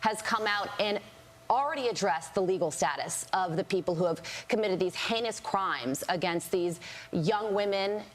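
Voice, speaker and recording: A woman speaking as a cable news host, firm and deliberate in her points. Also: medium pitch.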